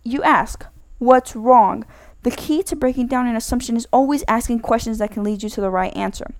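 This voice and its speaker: A woman's voice: a little high, steady tone, quick pace, no echo. A woman giving casual spoken advice in a rambling way, correcting herself often and filling her talk with "like". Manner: rambling, self-correcting, many "like" fillers.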